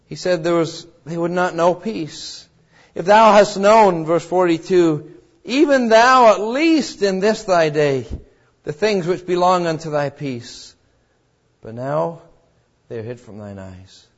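A high-voiced pastor delivers a sermon with intense emotion, climbing to loud cries before sinking into quiet, low lines. He speaks slowly with lively intonation and voices the quoted characters in his story. The recording is dull and lo-fi.

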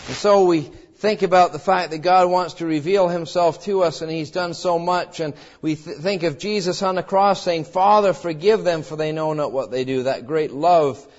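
A man preaching a sermon as pastor, swinging between calm teaching and dramatic, acted-out quoted cries. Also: a little high, normal speed, hardly any pauses, dull audio. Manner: preaching with dramatic rises, voicing quoted cries and God's words.

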